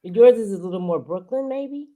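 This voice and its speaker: A woman's voice: mid-range voice, animated, fairly quick, dark tone. A woman from Los Angeles, a guest YouTuber, chatting casually and asking curious, friendly questions. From Los Angeles, California. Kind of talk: casual live chat.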